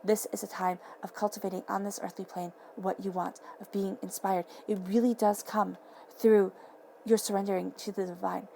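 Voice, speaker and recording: A woman giving a tarot reading to camera, earnest and excitable, repeating affirming phrases and sometimes tripping over her words. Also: mid-range voice, moderate pace, gravelly, slight background noise. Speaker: tarot reader. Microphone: camera mic.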